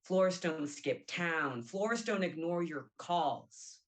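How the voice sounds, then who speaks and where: A woman's voice: lowish voice, lively intonation, slow pace, poor audio. A young woman playing a bitter, abandoned young woman in a brooding stage monologue.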